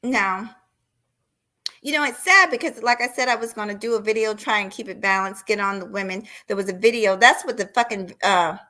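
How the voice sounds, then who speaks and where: Blunt, profane woman ranting with a bright voice. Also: medium pitch, a little fast. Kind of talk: heated live-stream rant.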